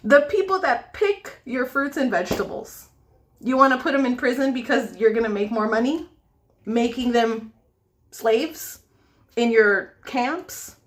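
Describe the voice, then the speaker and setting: A woman makeup vlogger ranting angrily with lots of swearing and pleading questions while she does her makeup. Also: high voice. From United States. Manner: angry, profane, pleading.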